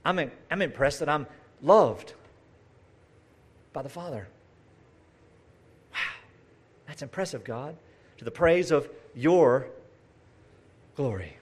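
Man, preacher, conversational sermon, fairly high voice, swooping lively pitch. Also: takes it slowly, long pauses, breathy edge. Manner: animated, talks straight to the listeners with asides and rhetorical questions.

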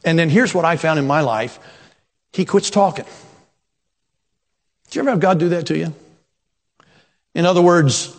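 Folksy older preacher in a reverberant hall. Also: male voice, a little high, normal speed, long pauses. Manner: folksy storytelling with rising emphatic peaks. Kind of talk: sermon.

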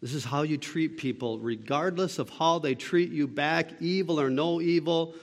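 A man's voice: on the high side, moderate pace. Emphatic preaching man in a reverberant hall. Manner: emphatic preaching with rhetorical questions. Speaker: pastor. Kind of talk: sermon.

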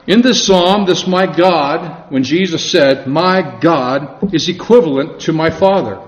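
A male preacher with a fairly high voice delivers a sermon, earnest and measured. He slows down to stress his scripture quotes. The recording is dull and lo-fi, in an echoey room.

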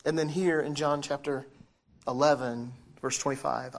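A man's voice: mid-range voice, steady tone, normal speed, creaky. A man preaching a sermon, talking it through with his congregation, reading scripture aloud and correcting himself as he goes. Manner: conversational preaching, asks the congregation questions. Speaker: pastor.

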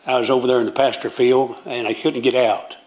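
A man's voice: medium pitch, little pitch movement, brisk, darkish tone. An older man, preaching a sermon as pastor and telling stories in a plain, folksy way. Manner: folksy storytelling with plain country grammar.

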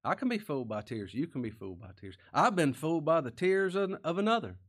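A man preaching a sermon as pastor, folksy and plain-spoken, asking rhetorical questions and sometimes dropping to a hush. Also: a little high, sing-song, quick pace.

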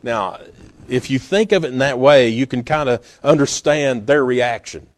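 A man's voice: mid-range voice, normal speed. Folksy preacher man telling stories. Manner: folksy storytelling, acts out scenes with sudden loud bursts. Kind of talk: sermon.

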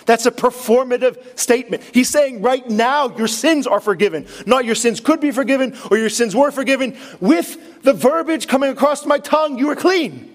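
A man, a pastor, preaching a sermon with earnest, emphatic delivery, repeating key phrases and dropping to a low, hushed voice when quoting. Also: normal speed, hardly any pauses. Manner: drops to a low, hushed voice to quote Jesus.

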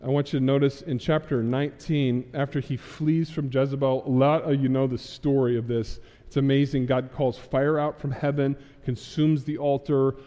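Animated preacher in a reverberant church. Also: male voice, medium pitch, normal speed, few pauses. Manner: animated, acts out voices of Bible figures in casual modern speech. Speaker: pastor. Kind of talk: sermon. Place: church sanctuary.

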